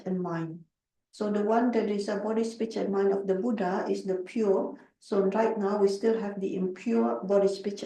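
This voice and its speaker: A woman interpreting a Buddhist teaching, halting and searching for words. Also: mid-range voice, dark tone, roomy sound, far from the mic, low-quality recording.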